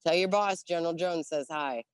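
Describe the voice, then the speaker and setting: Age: middle-aged. Sex: woman. Role: Navy veteran guest. Delivery: low, dry-sounding voice, swearing freely and acting out what people said. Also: brisk, clean tone, dry recording. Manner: profane, animated, acts out quoted dialogue. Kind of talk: casual storytelling.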